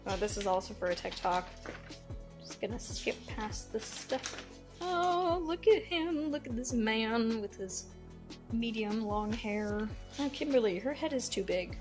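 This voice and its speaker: A woman's voice: a little high, expressive, takes it slowly, music in the background. A young woman casually talking through her sketchbook as an artist vlogger, chatty and giggly, rambling with lots of fillers. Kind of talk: casual sketchbook tour narration.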